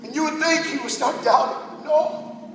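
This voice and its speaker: Male preacher, storytelling sermon, hushed to shouting; roomy live hall. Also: very high-pitched, normal speed, distant mic. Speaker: speaker at a youth event. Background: music.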